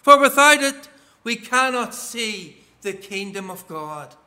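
A male preacher giving a sermon in a measured, emphatic way, reading scripture aloud and stressing key words. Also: very high voice, animated, sharp tone. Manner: reads scripture passages aloud.

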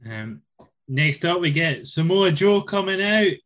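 A man's voice: high voice, animated, a little slow, a bit bright. A man co-hosting a podcast, recapping wrestling in casual chat with a dry, laid-back manner. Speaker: podcast co-host.

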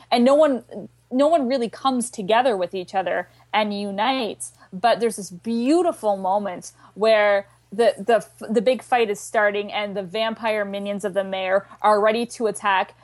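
Young Canadian woman, podcast regular; eager, quick, cussing, dead-dry recording. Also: mid-range voice, dry recording. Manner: enthusiastic, swears freely, fast and excitable. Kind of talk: casual chat.

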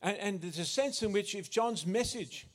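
A man's voice: high-pitched, animated, moderate pace. A man preaching a sermon as pastor, earnest, often restarting and correcting himself.

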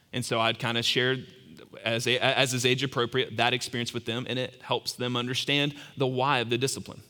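A man's voice: medium pitch, sharp tone, big-room sound. A man in his thirties preaching a sermon in a conversational, emphatic way, often restarting words. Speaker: pastor.

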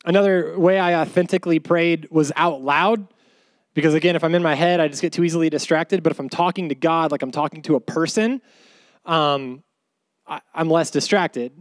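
Brief: young male youth pastor, fairly high voice, dry close sound, animated and jokey. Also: dry recording. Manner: animated, jokey, casual slang. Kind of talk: youth sermon with personal stories.

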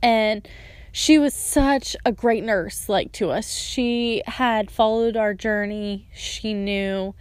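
A young woman with a mid-range, clean voice speaks slowly in a dry, echo-free recording. Earnest and emotional, she recounts her personal faith story casually, filling it with "like" and "and so."

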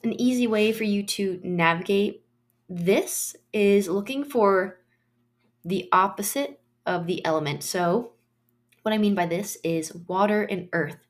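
A woman's voice: medium pitch, unhurried. A woman hosting her own podcast, explaining astrology in a chatty monologue and telling personal stories in loose, trailing phrases.

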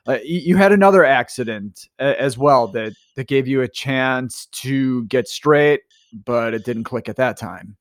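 A man's voice: medium pitch, a little slow, no echo, studio quality. A man hosting an interview, asking reflective, probing questions with hesitant fillers. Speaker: podcast host.

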